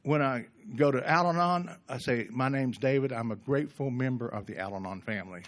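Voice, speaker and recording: A middle-aged man giving a gentle, reflective recovery workshop talk in a conversational way, often restarting his sentences. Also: mid-range voice, a little fast. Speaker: workshop speaker.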